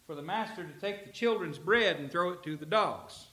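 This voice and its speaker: A man acting out the words of Jesus as a gently teasing teacher, raised and emphatic. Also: high-pitched, lively intonation, normal speed, echoey room, pitched above the performer's own voice.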